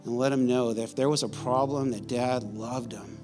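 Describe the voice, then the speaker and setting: A man in his forties preaching a sermon as pastor, in an animated, conversational storytelling way. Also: medium pitch, moderate pace, over music.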